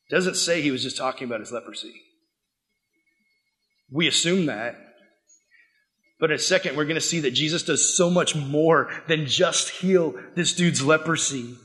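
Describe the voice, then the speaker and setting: A young man preaching a sermon to a youth group, swinging between loud emphatic bursts and quiet asides. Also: a little high, unhurried, pauses often. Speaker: youth pastor.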